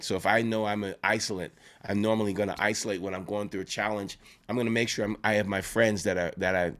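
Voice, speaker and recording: A man, a pastor and life coach, giving earnest advice in an interview, often restarting phrases and checking in with "right?". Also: sits low. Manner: earnest, repeats himself and restarts phrases, tags points with "right?".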